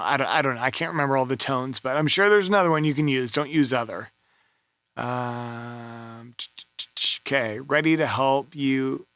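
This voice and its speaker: A man's voice: medium pitch, pushed and bright, dry recording. A man coaching as he reviews a voiceover seller's gig, speaking frankly and offhandedly in casual commentary.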